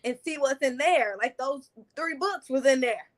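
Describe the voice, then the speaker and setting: A woman's voice: high voice, moderate pace. A woman hosting a podcast, talking casually and earnestly about faith and self-care. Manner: earnest, spiritual, affirming murmurs. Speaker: podcast host. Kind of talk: casual conversation.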